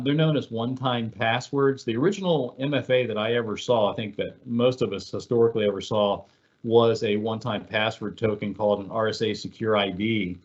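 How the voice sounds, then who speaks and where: A man walks listeners through a technical presentation in a loose, chatty, storytelling manner, sprinkling in fillers and restarts. His voice sits at a middle pitch, and the audio is dull and slightly lo-fi, like a streamed webinar. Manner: conversational, filler-heavy, storytelling. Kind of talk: casual explanatory presentation.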